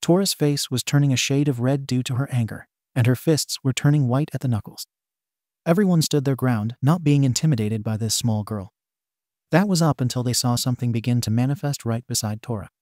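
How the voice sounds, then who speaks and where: A man narrating a fan fiction story in a steady, even manner. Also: medium pitch, a little fast, no room sound, studio quality.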